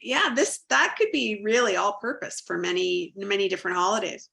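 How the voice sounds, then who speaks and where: A woman's voice: mid-range voice, expressive, fairly quick, creaky, pushed and bright. A woman co-host eagerly jumping in with ideas during a casual chat.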